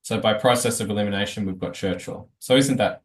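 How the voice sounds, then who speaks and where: A man's voice: lowish voice, fast. Wry Australian man, slightly distant. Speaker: teacher co-host. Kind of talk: casual revision discussion.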